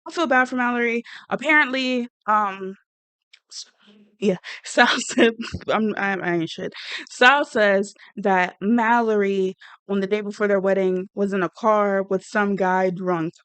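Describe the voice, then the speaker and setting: A woman's voice: mid-range voice, measured pace, a bit bright, smooth, no room sound. A woman giving blunt, rambling, sassy commentary on a reality show. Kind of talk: casual reaction commentary.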